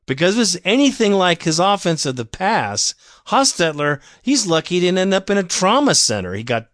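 A man delivering an opinionated sports fan monologue, heated and ranting, swinging from calm talk to raised outbursts. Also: high voice, normal speed, no room sound, studio quality.

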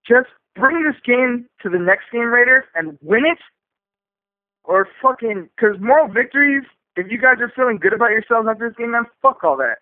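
A man's voice: very high voice, expressive, moderate pace, no room sound. Angry man ranting over a phone line. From El Centro, California. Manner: profane, frustrated, emphatic. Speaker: fan caller. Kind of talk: angry call-in rant.

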